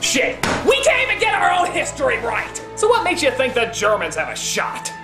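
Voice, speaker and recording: A man's voice: very high-pitched, huge pitch swings, moderate pace, over music. Exasperated ranting man, roomy sound. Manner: ranting, exasperated, shouting bursts. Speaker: film reviewer. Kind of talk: comedic review.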